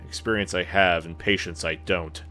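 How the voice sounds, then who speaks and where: A brash young mercenary in a fantasy game taunts an elder with a very deep voice, read by a man. Soft game music runs underneath. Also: fairly even intonation, normal speed. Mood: taunting.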